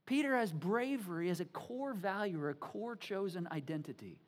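A woman preaching a sermon, retelling stories in a lively, conversational way with frequent restarts. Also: medium pitch, moderate pace. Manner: animated, conversational storytelling with many restarts.

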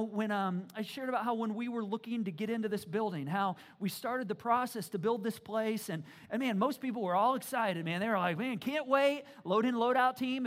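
This is a pastor delivering a sermon in a loose, conversational way. The speech is animated and playful, full of repeated words and restarts. It jumps from loud, excited bursts to quiet, earnest passages. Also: mid-range voice. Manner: animated and joking, swings from loud to hushed.

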